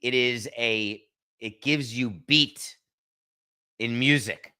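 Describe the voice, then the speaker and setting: A man's voice: medium pitch, slow, bright, forceful tone, clear, resonant tone. A middle-aged man hosting his own podcast, giving blunt, sarcastic opinions in a solo commentary and joking at his producer. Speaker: podcast host.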